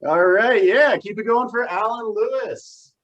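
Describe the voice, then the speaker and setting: A man hosting a virtual comedy show, thanking the comics and wrapping up with a quick story. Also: high-pitched, fairly bright tone, dull audio, a little hiss or hum.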